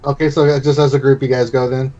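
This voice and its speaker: A man's voice: mid-range voice, little pitch movement, fast talker, dark tone, muffled recording, faint music behind. A man narrating as game master of a tabletop game, in a loose, rambling way.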